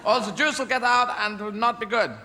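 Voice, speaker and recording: A comedian doing a stern sub captain. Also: male voice, very high voice, fairly even intonation, fairly quick, reverberant, in a large hall, voice pushed up. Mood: commanding. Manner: clipped, barking orders. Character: stern German submarine captain, male, middle-aged, commanding. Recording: live show with loud background noise.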